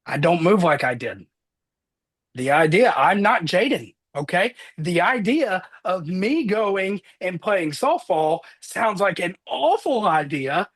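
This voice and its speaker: A man in his thirties giving an earnest motivational talk, energetic as he tells personal stories on a call. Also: high voice, slow, slightly rough. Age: 30s. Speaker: motivational speaker.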